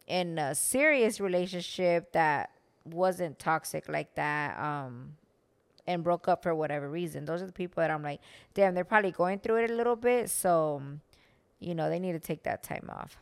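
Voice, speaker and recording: Blunt, animated woman co-host. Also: low-pitched, clear, resonant tone. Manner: blunt, animated, quick to push back. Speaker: podcast co-host. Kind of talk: casual chat.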